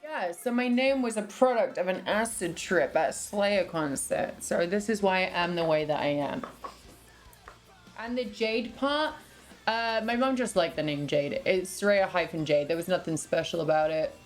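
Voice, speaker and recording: A woman from England with an English accent, chatting casually with her stream chat in quick asides. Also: lowish voice, expressive, soft background music.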